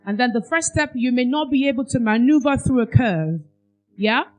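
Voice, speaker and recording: A woman's voice: a little high, expressive, normal speed, soft background music. A woman giving a parenting workshop talk in a conference hall, asking the audience questions for them to finish aloud. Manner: quizzes audience with fill-in questions. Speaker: workshop speaker.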